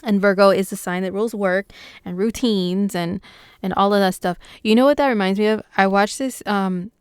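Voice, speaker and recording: Young woman, astrologer, casual horoscope vlog, excitable and slangy, very crisp voice, dry close sound. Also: mid-range voice, normal speed, no room sound.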